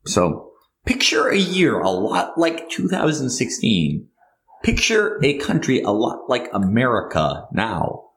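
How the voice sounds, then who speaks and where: A man reading his own screenplay aloud in a comedy bit, halting and rambling when he is interrupted. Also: medium pitch, wildly swooping pitch, creaky, a bit bright.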